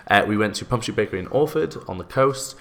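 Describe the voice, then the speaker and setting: A young man with a very low voice chats on a podcast. He talks in quick, lively bursts and laughs often. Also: vocal fry. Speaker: podcast co-host and guest editor. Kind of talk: casual podcast chat.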